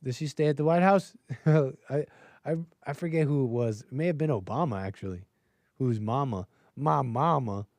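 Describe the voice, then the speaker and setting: A man's voice: on the high side, fairly quick, warm tone, dry recording. A male talk show host casually reading an article aloud and breaking off for sarcastic, mocking asides, with frequent chuckles.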